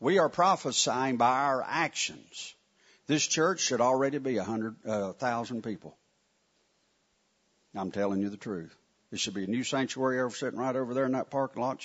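A man preaching a sermon to his congregation in a church, folksy and animated, with asides to the listeners. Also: mid-range voice, husky. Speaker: pastor. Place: church sanctuary. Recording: muffled lo-fi sound.

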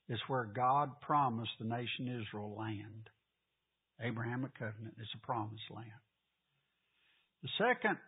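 A man teaches a Bible class, tossing questions to the room and hammering home each point. His voice is husky. The sound is thin and phone-like. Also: medium pitch. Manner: asks the class questions, repeats key points.

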